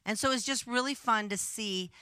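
Older lady, pastor's wife, bright clear voice, earnest and reflective, dry sound. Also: on the high side, moderate pace, no echo. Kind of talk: personal testimony.

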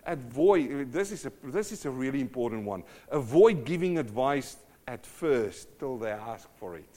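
A middle-aged man preaching a sermon in a conversational, animated way, acting out little scenes. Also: medium pitch, moderate pace. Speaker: pastor.

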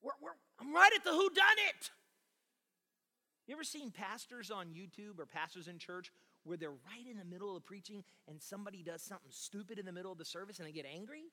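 A man preaching a sermon as pastor, talking emphatically and building to loud shouts. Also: high-pitched, fast talker. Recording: long reverb of a large hall.

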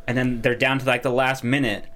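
A man's voice: medium pitch, flat delivery, fairly quick, a bit bright. A man in casual podcast chat who talks bluntly and swears freely. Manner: blunt and profane. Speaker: podcast co-host.

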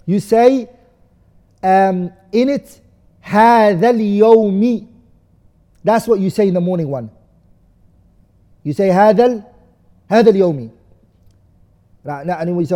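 With a warm voice that sits high, a study-course teacher moves at a moderate pace with long pauses, explaining texts. He questions the class, answers for them, and recites phrases in another language, all echoing with the long reverb of a large hall.

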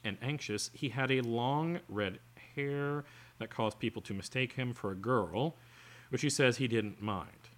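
Bright-voiced man reading with sarcastic asides. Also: mid-range voice, unhurried. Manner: sarcastic asides, exasperated rants. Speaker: podcast co-host. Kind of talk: reading an article aloud with commentary.

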